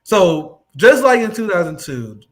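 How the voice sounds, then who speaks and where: A man hosting a stream, giving casual, profane, excited commentary on a played clip. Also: high voice, unhurried. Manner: excited, profane, loud reactions. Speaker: stream host.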